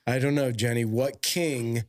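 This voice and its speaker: A man co-hosting a podcast in casual chat, playful and quick to laugh. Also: medium pitch. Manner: playful, laughs a lot, animated impressions. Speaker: podcast co-host.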